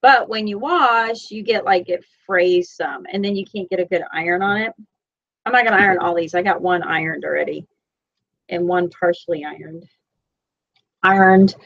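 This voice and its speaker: This woman's voice is fairly low, gravelly, and fairly bright, delivered at normal speed over dull computer-mic audio. She's a sewing instructor with a Southern Florida accent, rambling chattily and poking fun at herself as she teaches a live-streamed tutorial from home.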